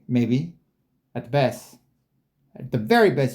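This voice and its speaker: A man's voice: mid-range voice, normal speed, warm tone. A man in a mid-range voice talks casually while reading on-screen text aloud. He rambles and muses, looping back over the same words and phrases as he goes. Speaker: video creator.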